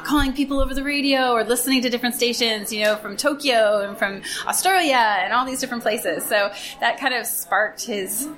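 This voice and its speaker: A woman recalls family stories in an easygoing, animated way, often breaking into laughter. Her voice sits a little high and stays chatty. She speaks as an interviewee in a casual sit-down conversation. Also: fairly quick, hardly any pauses, slight background noise. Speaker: interviewee, cousin. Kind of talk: casual storytelling. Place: Tacoma, Washington area.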